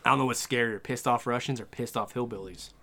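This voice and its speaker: A man's voice: mid-range voice, quick pace, bright, forceful tone. A man co-hosting a podcast in casual chat, profane and joking, with lots of "like". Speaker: podcast co-host.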